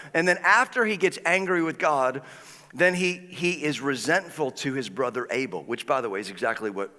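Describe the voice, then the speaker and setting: A man giving a sermon as a pastor, talking in a conversational style with quick repetitions and acted quotes. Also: a little high, pushed and bright. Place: large church hall. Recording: long hall reverb.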